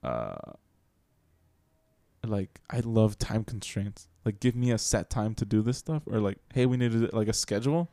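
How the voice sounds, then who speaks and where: A young man with a lowish voice talks loosely in a casual podcast chat, full of fillers and quick apologies. The sound is dry and close, with no room around it. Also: animated, mellow, no echo. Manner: rambling, filler-heavy, apologetic, laughs often. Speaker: podcast co-host.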